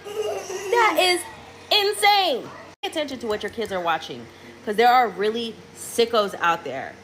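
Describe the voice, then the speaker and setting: A woman, a mother, telling a story to camera in an animated, incredulous way, jumping high on exclamations. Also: fairly quick, a little hiss or hum.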